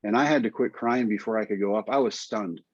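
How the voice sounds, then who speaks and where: A man's voice: lowish voice, fast talker, no echo. Guest, male, 50s, easygoing storyteller, dry, dull remote audio. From Texas, United States. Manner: relaxed, anecdotal, acts out quotes. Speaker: guest, speaker and author. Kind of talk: storytelling interview answers.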